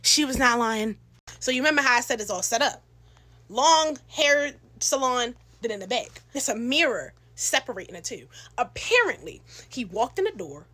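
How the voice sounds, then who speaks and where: A young woman tells a messy storytime in a casual, slangy way. Her voice sits high and sounds bright and sharp, and she throws herself into acting out every line. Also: normal speed. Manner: animated, slangy, acts out voices in her telling.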